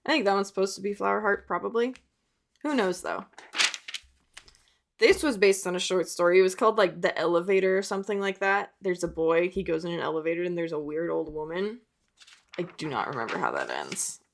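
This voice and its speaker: Chatty self-mocking young woman with fry. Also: fairly low pitch, expressive, a little fast, background noise. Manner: chatty, self-mocking, laughs at her old drawings. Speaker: art vlogger. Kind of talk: casual sketchbook tour narration.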